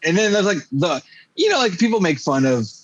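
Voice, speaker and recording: A man's voice: high-pitched, sing-song, a little fast, fairly bright tone, muffled recording, slight background noise. A man hosting a podcast, rambling through a casual movie-review chat with lots of fillers and jokes. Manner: rambling, filler-heavy, jokey. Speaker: podcast host.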